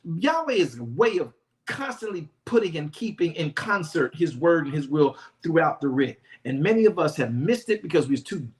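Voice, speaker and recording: A man preaching a sermon in an animated, dramatic way, often calling out to his listeners. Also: on the high side, normal speed. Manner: uses "y'all" and direct address.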